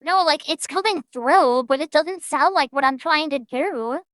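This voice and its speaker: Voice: sits high, a little slow, a bit bright, no room sound. A streamer talking through a voice-changer filter that makes them sound childlike, rambling and self-deprecating in casual gameplay commentary.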